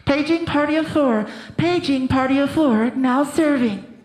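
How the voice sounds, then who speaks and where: A man's voice: extremely high pitch, unhurried, pitched above the performer's own voice. A man imitating a restaurant hostess calling out over a wall-mounted PA. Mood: announcing. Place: comedy club stage with audience. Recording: roomy echo, noisy live audio.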